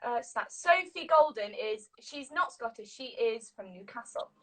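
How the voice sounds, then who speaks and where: A woman talks casually on a phone livestream. Her voice sits high and she keeps up a chatty flow, reading out viewers' comments as she goes. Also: animated, normal speed, a bit bright, rough recording. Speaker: host of a livestream. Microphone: phone on a video livestream.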